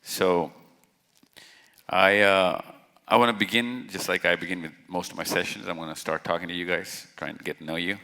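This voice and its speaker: A man with a lowish, bright, forward voice talks casually to a live crowd. He is chatty and jokey and keeps putting questions to the audience. His voice rings out with a long hall reverb. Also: steady tone, normal speed, creaky. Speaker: speaker at a live event. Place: large hall with stage lights.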